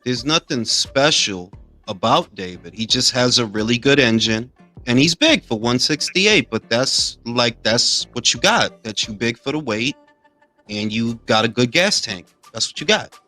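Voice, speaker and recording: A man with a bright, lively voice riffs loudly through casual boxing talk, full of profane jokes. His pitch sits a little high. Faint music plays underneath. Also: a little slow. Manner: loud, joking, profane banter.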